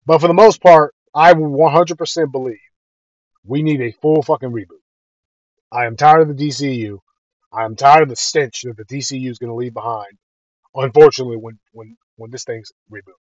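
A man's voice: mid-range voice, steady tone, a little fast, no echo, muffled recording. A man ranting bluntly and profanely to his viewers in a casual video, airing heated opinions. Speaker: video creator. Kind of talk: casual rant to camera.

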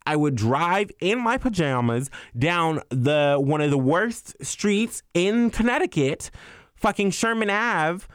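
A young man telling a story in a heated, profane rant, exasperated and animated as he vents. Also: high voice, slow pace, clean tone, no room sound, clean studio sound. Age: young adult. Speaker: vlogger. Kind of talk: ranting storytime.

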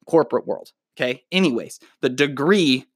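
A man's voice: mid-range voice, expressive, moderate pace, slightly rough, no echo, clean studio sound. A young man hosting a podcast, giving a profane, emphatic motivational monologue and calling the listener dude. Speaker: podcast host.

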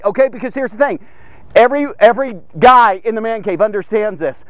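High-voiced man teaching from the Bible. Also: fairly quick, dry recording. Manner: keeps checking in with "okay?" and "here's the thing"; animated, acts out the people in the story. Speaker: devotional podcast teacher.

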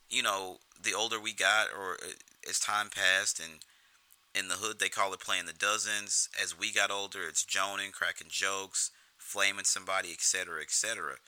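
A man's voice: sits low, bright, forceful tone, dry recording, rough recording. A man giving casual film commentary in a profane, rambling way, often restarting his sentences.

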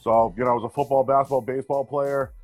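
A man's voice: mid-range voice, little pitch movement, fast talker, no echo, soft background music. Laid-back Boston man telling stories. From Boston area. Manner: storytelling, laid-back, says dude and man a lot. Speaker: sports radio host, guest. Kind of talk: casual podcast chat.

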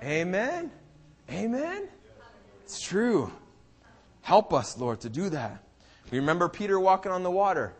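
A man's voice: sits high, sing-song, normal speed. A young man preaching an impassioned, emphatic sermon at a church service, often repeating his phrases. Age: young adult.

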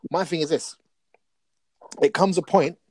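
A man talking casually about wrestling as a podcast co-host, telling stories in an animated, excitable way. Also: on the high side, unhurried, low-quality recording.

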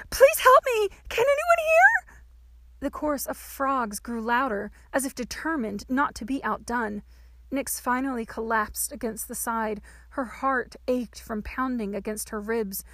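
A woman narrating a novel with expressive, dramatic storytelling. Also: a little high, no echo. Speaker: audiobook narrator. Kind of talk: scripted narration.

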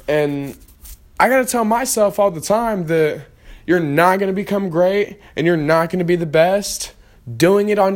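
A tired young man talking casually to his viewers in a rambling, motivational vlog pep talk full of fillers. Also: a little high. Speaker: vlogger.

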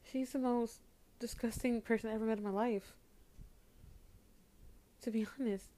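A young woman pours out her frustration in a halting, tearful vlog, stumbling over her words and starting sentences again. Her voice is mellow and soft-edged, held in a flat, narrow melody. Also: a little high. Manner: halting, repeats words, close to tears. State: upset, holding back tears. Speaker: vlogger. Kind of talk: emotional personal vent to camera.

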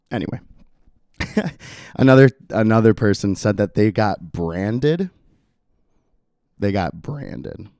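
A man's voice: lowish voice, lively intonation, takes it slowly, long pauses, mellow, dry recording, clean studio sound. A young man hosting a solo podcast in a casual, rambling way, laughing often and saying "like" a lot. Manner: rambling, laid-back, laughs often, says "like" constantly. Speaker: podcast host.

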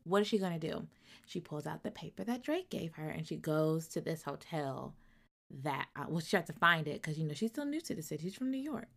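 A woman retelling a novel's plot in a casual chat, acting out the characters' lines and breaking into loud, colloquial asides. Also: low-pitched, animated, a little fast, vocal fry. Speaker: book reviewer. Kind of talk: casual book recap.

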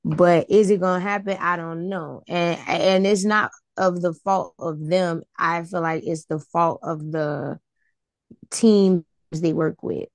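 A woman co-hosting a podcast in casual chat, blunt and expressive, with lots of slang. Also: lowish voice, slow pace, no echo. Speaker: podcast co-host.

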